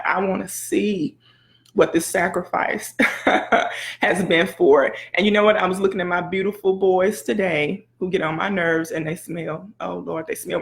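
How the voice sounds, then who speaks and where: A woman in her forties, a blogger and educator, chatting in a lively, preachy, folksy way on a live phone video. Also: on the low side, gravelly. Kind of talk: casual live video chat.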